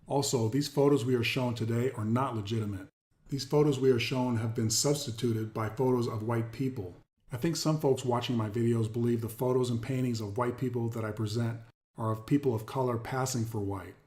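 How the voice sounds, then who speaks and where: A man's voice: medium pitch, steady tone, fairly quick, darkish tone. A man hosting a commentary video, reading articles aloud and stressing key words, often speaking to viewers as folks. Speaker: host.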